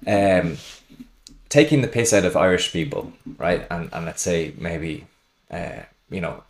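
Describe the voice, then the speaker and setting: A man's voice: deep voice, reverberant. A man hosting a casual podcast chat, telling a long story in a rambling way and laughing at his own jokes. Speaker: podcast host.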